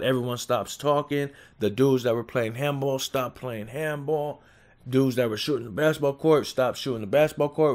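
Man in his 20s from California, casual street storyteller, loose and laughing. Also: medium pitch. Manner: streetwise slang, laughs often, animated retelling.

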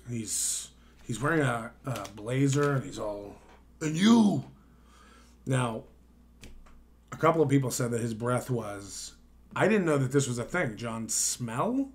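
A tired man on a late-night stream, casually telling a story with swearing and mimicking the people in it. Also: mid-range voice. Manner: animated, swearing, mimics others.

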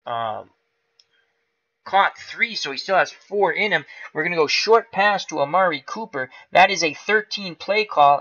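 A man hosting a live stream of a tabletop football game, calling each dice roll in casual play-by-play and getting excited at big plays. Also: a little high, dull audio.

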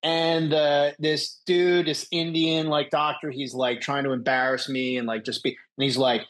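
A man's voice: fairly high pitch, measured pace. A young adult man, a doctor guest, telling a story in casual chat over a video call, swearing freely and acting out the people he quotes. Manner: profane, animated, acts out quoted people.

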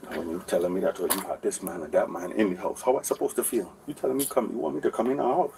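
A man in his forties, deep-voiced, creaky and fast-talking, goes back and forth heatedly with police officers. He repeats himself, rambles and asks for agreement. The clip comes from an officer's bodycam, sounding distant with faint noise behind it.

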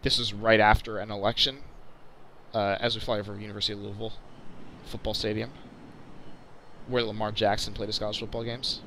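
A man's voice: on the low side, level tone, brisk, pushed and bright, slight background noise, rough recording. Chatty young man narrating a sim flight. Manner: chatty, lots of uh fillers and restarts. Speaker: video host. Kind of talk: casual flight sim commentary.

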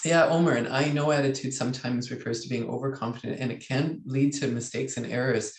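Male coach, webinar host, lively, reads chat aloud, echoey room. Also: mid-range voice, fairly quick. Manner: lively, reads out chat comments, acts out inner voices. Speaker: leadership coach. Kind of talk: webinar teaching.

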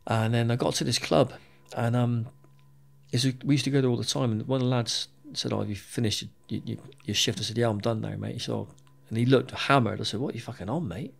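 Gravelly man telling his story. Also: medium pitch, steady tone, fast talker. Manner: frank, swears freely, repeats words mid-sentence. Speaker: podcast guest. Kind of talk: candid storytelling interview.

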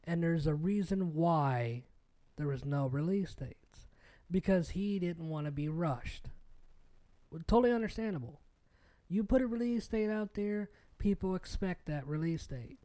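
A man's voice: on the high side, lively intonation, unhurried, mellow. A young man hosting a solo podcast, ranting casually and at length, with plenty of swearing, fillers and restarts. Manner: rambling and profane, with many fillers and restarts. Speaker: podcast host.

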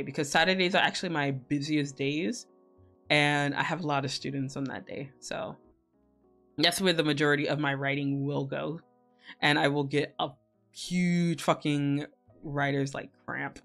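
A woman's voice: deep voice, a bit bright. A young woman hosting a co-working stream, chatting casually with viewers in a rambling way, full of fillers, swearing and laughter.

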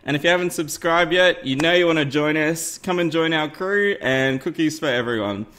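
A man's voice: a little high, normal speed, fairly bright tone, a little hiss or hum. A man hosting a casual game tutorial, chatty and upbeat, often laughing at himself. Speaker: gaming YouTuber host. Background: faint game music.

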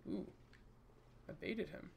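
A man's voice: takes it slowly, darkish tone, a little hiss or hum. A man giving casual let's-play commentary, joking and rambling and talking to the enemies on screen. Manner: jokey, rambling, talks to game enemies. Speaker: gaming channel host.

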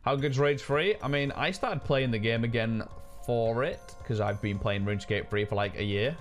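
A man chatting casually and swearing excitably while streaming a video game. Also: mid-range voice, normal speed, faint music behind. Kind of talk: casual gaming stream chat.

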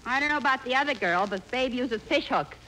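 A woman's voice: high voice, expressive, a little fast, sharp tone, rough recording. Breezy woman trading gags on old radio. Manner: dry, breezy punchline delivery. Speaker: comedic co-star. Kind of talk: 1940s radio comedy. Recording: very hissy 1940s radio broadcast.

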